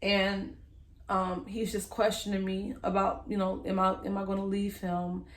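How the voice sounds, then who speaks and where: A young woman, emotionally recounting a personal story to the camera in a candid, halting way and speaking straight to her viewers. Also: mid-range voice, level tone. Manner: candid, halting, speaks to viewers as "y'all", voice rises when reliving moments. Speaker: vlogger telling her story.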